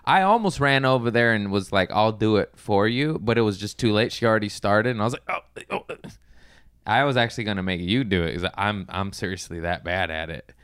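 A man's voice: on the low side, quick pace, few pauses, fairly bright tone, clear, resonant tone, dry recording, clean studio sound. A man in his thirties, a stand-up comedian, chatting casually as a podcast guest, telling stories animatedly with swearing and acted-out quotes.

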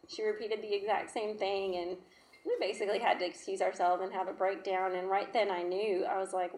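A woman in her thirties, a mother telling her personal story in an emotional, halting, heartfelt way. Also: medium pitch, steady tone, darkish tone. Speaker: mother sharing her testimony. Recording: roomy echo.

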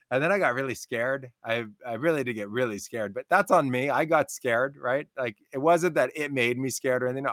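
A man speaking as a podcast guest, his storytelling animated and tumbling forward with repeated "like." His pitch sits mid-range, and the recording is dry with no room sound. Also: no echo. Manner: excitable, repeats "like" often.

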